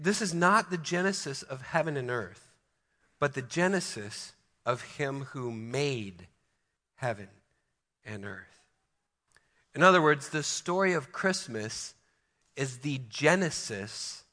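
A male pastor preaching a sermon, emphatic, slowing down to stress key words. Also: medium pitch, bright, forceful tone, long reverb tail.

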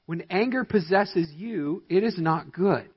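A man's voice: measured pace, slightly rough. A man preaching a sermon as pastor, stressing his points with emphatic, rising delivery. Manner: emphatic preaching with rising pitch on key lines. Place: church sanctuary. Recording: dull, echoey church recording.

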